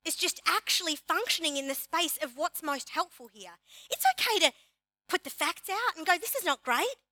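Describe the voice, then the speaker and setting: Bright, high-voiced woman preaching. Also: moderate pace, no room sound. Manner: animated, emphatic, repeats key phrases. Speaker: pastor. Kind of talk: sermon. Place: church.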